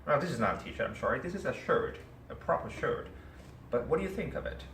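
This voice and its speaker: A man of medium pitch talks fast while teaching, telling his students a story and lively asking them questions. The sound is roomy and echoey from a far-off mic, with faint ambience and slight background noise.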